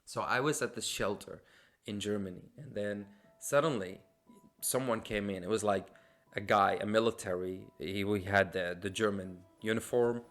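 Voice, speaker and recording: A man's voice: fairly low pitch, moderate pace, fairly bright tone, soft background music. A man from Syria, hosting a podcast and telling a personal story casually, with many fillers and restarts. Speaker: podcast host.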